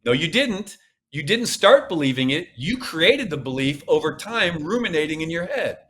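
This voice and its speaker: A man's voice: fairly high pitch, sing-song, normal speed, fairly bright tone, slight background noise. A man speaking as a podcast guest, coaching with emphatic, repeated phrases. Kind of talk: podcast interview.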